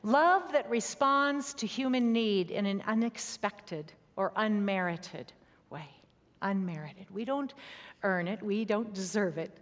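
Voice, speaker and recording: A woman giving an earnest, conversational sermon built around a personal story, sometimes dropping to a soft near-whisper. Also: mid-range voice, slow pace, big-room sound.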